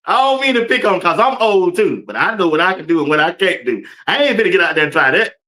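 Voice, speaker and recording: Bright-voiced male sports talk host. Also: high voice, quick pace. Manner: animated, laughing often, slangy. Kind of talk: casual sports talk stream.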